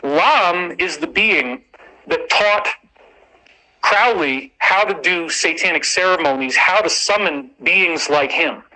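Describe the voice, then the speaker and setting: A speaker heard from a played radio-style clip, explaining in a matter-of-fact, conversational way. The voice is bright and sharp, with an average pitch. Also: slow, low-quality recording.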